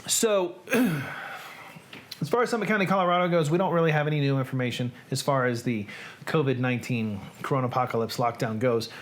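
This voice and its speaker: A man's voice: mid-range voice, fairly quick, slight background noise. A man with a Southern US accent hosting a live reading stream, chatting casually and rambling with small self-corrections. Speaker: host of a live reading show.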